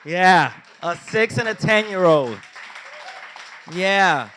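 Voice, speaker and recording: A man's voice: mid-range voice, normal speed, some chatter behind. A man telling a personal story live on stage at a story slam, casual and slangy, acting out family members' lines. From Dominican family background. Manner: animated, acts out family members' lines in raised voices; casual street slang and swearing.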